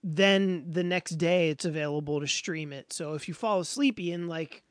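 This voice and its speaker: High-voiced man rambling in casual chat. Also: moderate pace, no echo, clean studio sound. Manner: rambling, lots of fillers. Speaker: podcast co-host.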